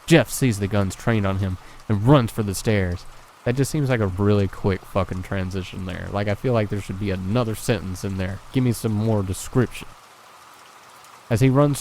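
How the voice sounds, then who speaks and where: A man's voice: fairly low pitch, a little mellow, a little hiss or hum, rough recording. A man reading a horror story aloud and breaking off with casual, sweary comments and laughs. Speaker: creepypasta reader and reactor.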